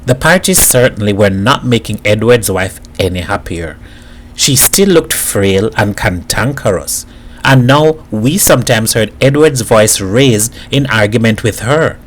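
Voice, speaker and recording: A man from Jamaica reading a novel aloud in steady, even narration. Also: lowish voice, a little slow. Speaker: reader.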